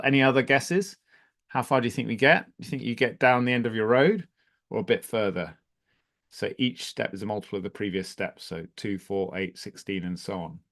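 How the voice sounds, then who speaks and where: A man's voice: on the low side, fairly bright tone. A man presenting a live online talk, speaking conversationally with frequent ums and restarts, with light humour as he answers the audience chat. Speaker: webinar presenter.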